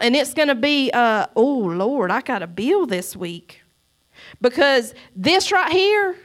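A middle-aged woman giving a church testimony, emphatic and preachy, swinging between loud cries and soft asides. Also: high voice.

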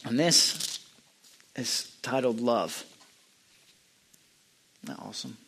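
A young man sharing a personal testimony, earnest and halting, often restarting his sentences and climbing high and loud when he gets stirred up. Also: lively intonation, vocal fry, breathy edge. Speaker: lay speaker sharing a testimony.

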